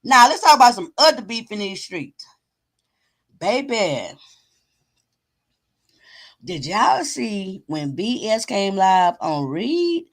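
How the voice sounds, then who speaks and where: A woman hosting her own live stream, talking straight to her viewers in a loud, exclamatory and preachy way, whooping and cursing as she goes. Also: mid-range voice, very animated, slow, long pauses.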